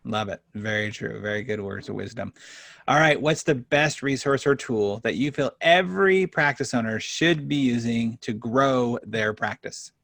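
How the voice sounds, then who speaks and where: A man's voice: medium pitch, moderate pace, vocal fry, a bit bright, no room sound. A man hosting a podcast interview in a casual, upbeat and effusive way. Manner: upbeat and effusive, lots of praise. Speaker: podcast host.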